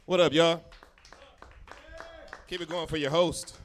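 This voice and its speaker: A man's voice: a little high, steady tone, slow. A male stand-up comedian in his forties bantering loosely with the crowd, swearing freely. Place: small comedy club, live audience.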